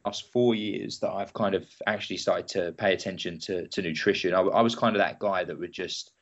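A man in his thirties, a personal trainer answering interview questions in a relaxed, hesitant way with many ums. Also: low voice, a little fast, creaky, dull audio.

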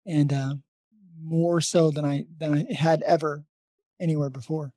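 A man's voice: fairly high pitch, little pitch movement, unhurried, warm tone, no room sound. A man who is a nurse and podcast host, telling a long story in a casual, rambling way with many restarts.

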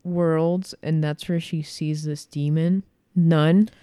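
Woman, casual podcast chat, smooth clear voice, animated retelling, lots of "like". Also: low-pitched, slow, no echo, studio quality. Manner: chatty, animated retelling with many fillers.

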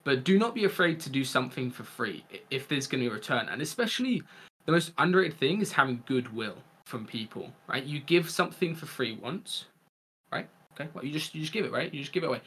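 A young man on a casual podcast, giving relaxed advice as a coach and often checking in with "right?". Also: fairly high pitch, quick pace, slightly rough. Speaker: Fortnite coach.

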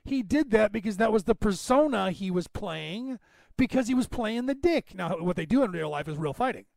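Podcast host, male, high-pitched, emphatic and chatty, dry unechoing room. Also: expressive, normal speed, creaky, a little mellow, dry recording. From Northern California. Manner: rambling, emphatic, addresses listeners by name. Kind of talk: casual monologue to listeners.

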